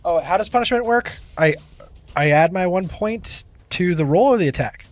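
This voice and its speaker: A man's voice: sits high, moderate pace, faint music behind. A man playing a tabletop game who explains and checks the rules closely. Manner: lively, sticks to the rules. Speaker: player. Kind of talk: casual tabletop play.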